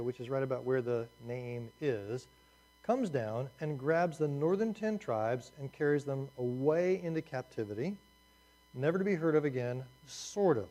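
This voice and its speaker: A man teaching a lively overview lecture, telling the story with jokes and asides as he points at a map. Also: mid-range voice. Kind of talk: Bible survey lecture.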